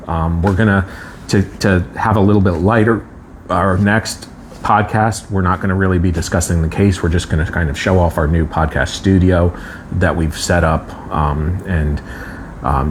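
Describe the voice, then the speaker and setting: Very low-voiced halting man. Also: a little hiss or hum. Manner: halting, many fillers and restarts, earnest. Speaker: co-host. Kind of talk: live-stream talk.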